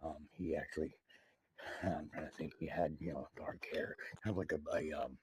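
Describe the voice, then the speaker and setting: A man rambling to camera in a halting, mock-earnest monologue full of hesitations, addressed to the president. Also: a bass voice, steady tone, a little mellow, slight background noise, poor audio. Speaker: video maker addressing the president.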